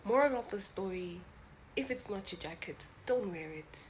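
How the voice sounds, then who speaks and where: A woman's voice: mid-range voice, animated, moderate pace, a little hiss or hum, low-quality recording. An annoyed woman giving reaction commentary, laying out her points one by one.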